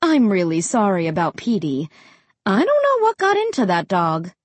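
A woman's voice: medium pitch, huge pitch swings, moderate pace, dry recording. A woman voicing a fussing, apologetic mother in a storybook reading. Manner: anxious, apologetic.

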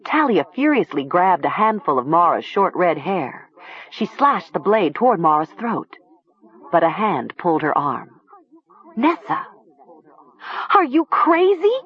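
An audiobook narrator reading a horror story with slow, expressive storytelling. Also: mid-range voice, breathy edge, dull audio.

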